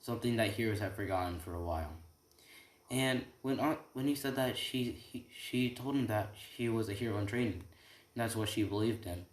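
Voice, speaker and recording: A man's voice: on the low side, moderate pace. A man telling an improvised fan story in a rambling way, with many restarts and tag questions. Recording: echoey room, faint typing.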